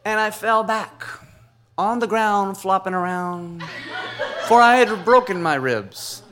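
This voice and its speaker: A man telling a long comic story on stage in an animated, playful way. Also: sits high, takes it slowly. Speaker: comedian. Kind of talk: stand-up storytelling.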